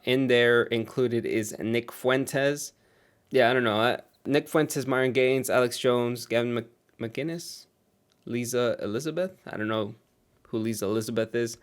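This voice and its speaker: A man's voice: medium pitch, a little slow, clean tone. Sarcastic man gossiping on commentary. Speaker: online commentator. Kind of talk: casual commentary.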